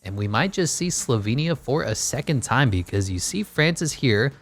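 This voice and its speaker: A man's voice: medium pitch, very animated, moderate pace, fairly bright tone. A man giving casual play-by-play commentary over a basketball video game, with wry joking asides. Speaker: gaming YouTuber.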